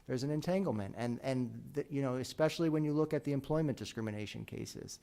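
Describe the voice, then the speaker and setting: A man serving as a defense attorney, making an oral argument to judges in a measured way, with ums between points. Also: medium pitch, gravelly, warm tone.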